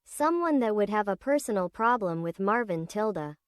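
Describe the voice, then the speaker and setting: A woman's voice: mid-range voice, lively intonation, normal speed, clean tone. A woman chatting casually, commenting on a game stream. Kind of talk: casual chat.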